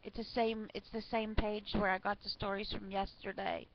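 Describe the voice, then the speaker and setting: A woman's voice: mid-range voice, flat delivery, normal speed. A woman casually reading funny church stories aloud to her listeners, chatty, with fillers and asides. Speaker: online reader of church stories. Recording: slightly muffled with faint noise.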